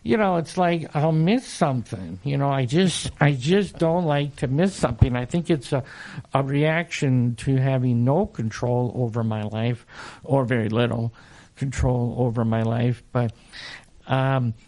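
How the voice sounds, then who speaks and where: A man in his sixties, a motivational speaker and interview guest, telling stories from his childhood in a halting way, with many fillers and restarts. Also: mid-range voice, darkish tone. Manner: unhurried, halting, lots of fillers and restarts, chuckles. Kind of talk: casual storytelling in an interview.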